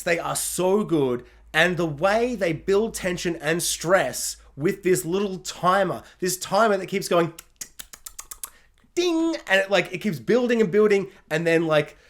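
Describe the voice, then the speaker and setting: A man giving an effusive, emotional solo TV review, rambling and restarting as he talks. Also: on the high side.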